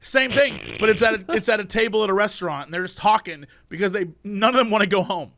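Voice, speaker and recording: Male podcast co-host, high bright voice, animated ranting storyteller. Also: fast talker, dry recording, clean studio sound. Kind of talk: casual chat.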